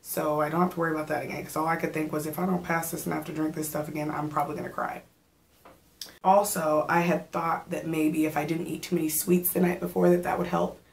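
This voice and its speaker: A pregnant woman in her thirties chatting casually in a vlog, telling stories with animated quoted asides and sometimes getting out of breath. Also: sits low, quick pace, creaky, slight background noise. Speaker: vlogger.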